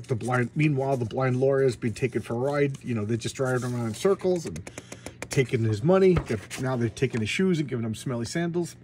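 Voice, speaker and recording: A man's voice: mid-range voice, a little fast, darkish tone, slight background noise. A man casually retelling a comic book story in a vlog, rambling with many fillers and restarts. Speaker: comic book collector vlogger.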